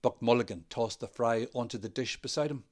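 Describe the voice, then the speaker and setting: A man with a Northern Irish accent, an actor reading a novel aloud in a measured, expressive way. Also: mid-range voice. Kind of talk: literary reading.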